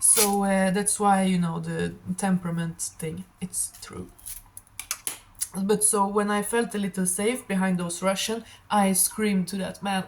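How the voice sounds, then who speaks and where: Hoarse woman giving a tarot reading. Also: medium pitch, fairly even intonation, measured pace, slight background noise, rough recording. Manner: rambling, emphatic, repeats affirmations. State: hoarse, tired throat. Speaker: tarot reader.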